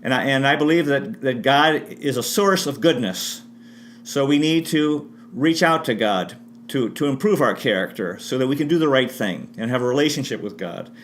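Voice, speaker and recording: A man's voice: medium pitch, lively intonation, moderate pace. Rambling man retelling history, faint hum. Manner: rambling, frequent restarts and self-corrections. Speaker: history presenter. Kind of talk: unscripted history talk with spiritual asides.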